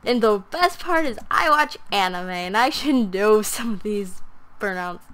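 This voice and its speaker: Young woman gamer, slow talker, keeps tripping over words and teasing herself. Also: medium pitch, animated, fairly bright tone, smooth. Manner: stumbles over words, self-mocking. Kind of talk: game commentary reading map text.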